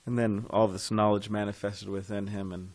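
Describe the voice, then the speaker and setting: A man's voice: lowish voice, level tone, moderate pace, a little mellow. A man teaching a devotional scripture class in a temple, talking in a loose conversational way and putting questions to his listeners.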